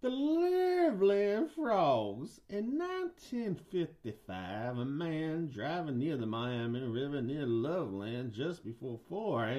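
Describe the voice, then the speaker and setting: A man voicing a Southern man who tells a creepy tale in a slow, stretched-out drawl, a little off the mic. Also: fairly high pitch, a little mellow, pitched above the performer's own voice. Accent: Southern US (put on).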